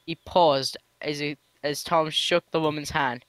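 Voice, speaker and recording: A man reads a fan story aloud in an online voice chat, his bright voice sitting a little high. The sound is dry and close. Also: steady tone, unhurried, hardly any pauses, clean tone, dry recording. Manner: profane, playful narration with self-corrections. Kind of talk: casual read-aloud with asides.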